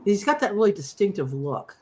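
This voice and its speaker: A man's voice: high-pitched, very animated, a little fast, darkish tone. A man in a casual chat as co-host, thinking aloud while he tries to recall actor names.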